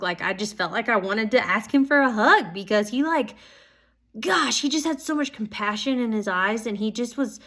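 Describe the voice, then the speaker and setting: Young woman, earnest personal vlog update, gushing and rambling, mid-pitched voice. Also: fairly quick, a bit bright. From Oklahoma. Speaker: Bible school student.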